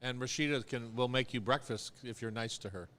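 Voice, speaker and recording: A man's voice: mid-range voice, brisk, a bit bright. A man hosting a live radio show in a studio, chatting casually and rambling with fillers. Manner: rambling, easygoing, with many fillers.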